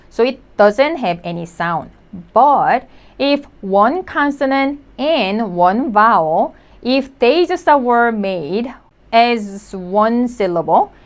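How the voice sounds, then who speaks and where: A woman leads a beginner lesson. She talks slowly and patiently, repeating each sound. Her voice sits a little high and moves up and down a lot. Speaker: Korean language teacher. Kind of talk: slow spoken lesson.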